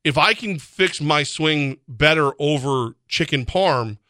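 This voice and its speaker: Animated sports radio man, bright voice. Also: fairly high pitch, takes it slowly, no room sound, studio quality. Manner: animated, laughs often, acts out imagined dialogue. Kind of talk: casual sports talk.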